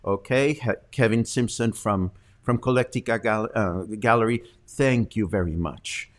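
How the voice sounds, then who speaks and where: A man doing an impression of a female TV news anchor, with measured, formal sign-off phrasing. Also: fairly low pitch, close to an everyday voice. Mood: earnest.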